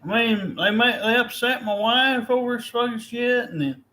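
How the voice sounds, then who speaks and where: A man with a high, bright and forceful voice rants angrily, cursing in nearly every line. He sounds tired and fed up, and he talks in a loose, casual way. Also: moderate pace. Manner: angry, profane ranting. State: weary and fed up. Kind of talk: casual rant.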